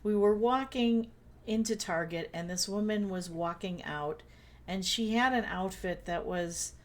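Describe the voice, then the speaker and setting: A woman's voice: medium pitch, measured pace. A middle-aged woman, the streamer's mother, chatting casually and telling stories with plenty of filler words. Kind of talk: casual chat on a livestream.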